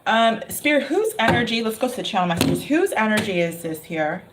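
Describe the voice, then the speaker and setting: A woman's voice: on the high side, big pitch swings, brisk. A woman giving a casual tarot reading, chatting and laughing often between remarks. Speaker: tarot reader. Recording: noticeable background noise.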